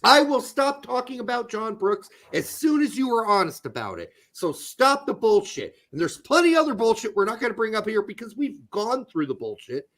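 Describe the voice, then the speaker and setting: A man's voice: high-pitched, sing-song, moderate pace, few pauses, a bit bright. A man co-hosting a soccer podcast, ranting in a casual, profane and heated way. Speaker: podcast co-host. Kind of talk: casual sports-podcast rant.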